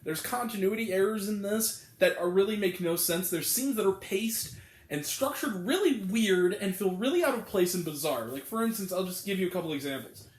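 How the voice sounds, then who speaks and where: A man's voice: high voice, fairly quick, echoey room. A man giving a casual, exasperated spoken film review, rambling with lots of fillers. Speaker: movie reviewer.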